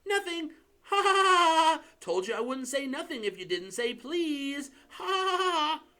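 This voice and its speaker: A man's voice: sits high, wildly swooping pitch, slow pace, pushed and bright, voice pushed up, full character voice. A man voicing a mischievous male poltergeist with a taunting sing-song manner. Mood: gloating.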